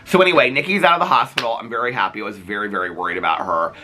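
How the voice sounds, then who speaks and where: Low-voiced, bright-toned chatty male vlogger. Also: rapid-fire, slight background noise. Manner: rambling, chatty, frequent fillers and restarts. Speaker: daily vlogger. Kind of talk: casual chat to camera.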